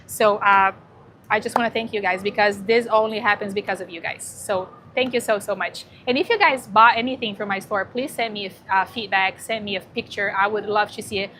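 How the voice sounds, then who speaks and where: A woman hosting a casual livestream who talks warmly to her viewers and gets teary, cooing now and then to a dog beside her. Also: mid-range voice, steady tone, brisk, slight background noise. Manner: chatty and emotional, thanking viewers, cooing to a dog. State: teary, crying. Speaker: livestream host promoting dog rescue.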